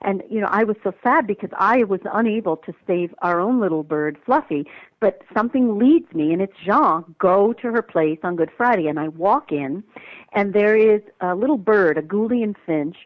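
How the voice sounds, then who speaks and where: A woman calls in to an interview, her voice thin and tinny down the phone line with no room echo. She tells her story with lively emphasis at a medium pitch. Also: moderate pace. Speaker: guest author. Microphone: telephone.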